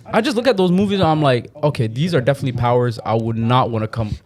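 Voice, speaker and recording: A man's voice: mid-range voice, fast. A young man co-hosting a podcast, telling stories in casual chat with lots of slang and laughter. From Canada. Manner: animated, laughing, slangy storytelling. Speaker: podcast co-host.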